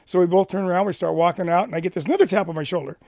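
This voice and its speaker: A middle-aged man from Washington State telling a personal ministry story in an animated way, acting out the dialogue. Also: high voice, very fast, gravelly, no room sound, clean studio sound. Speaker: Christian ministry speaker.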